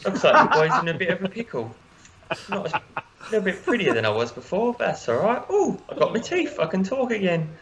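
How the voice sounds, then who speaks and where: A man's voice: mid-range voice, quick pace, heavy background noise, close to an everyday voice. A man voicing a cheeky, jolly male halfling adventurer with a chirpy, chatty, folksy way of talking. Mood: cheery. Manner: chirpy, chatty, rough-edged folksy talk.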